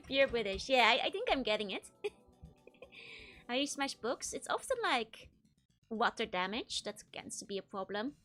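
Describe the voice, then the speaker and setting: A woman's voice: fairly high pitch, sing-song, unhurried, long pauses, a bit bright, faint music behind. A young woman from the Netherlands, a streamer chatting casually and giggling often as she plays. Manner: giggly, laughs often, rambling. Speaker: VTuber streamer. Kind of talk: casual chat while gaming.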